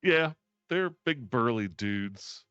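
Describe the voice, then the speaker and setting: A man running a tabletop role-playing game as game master, animated and often laughing. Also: medium pitch, slow pace, clean tone, dry recording, lo-fi sound. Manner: animated, laughing, counting out moves.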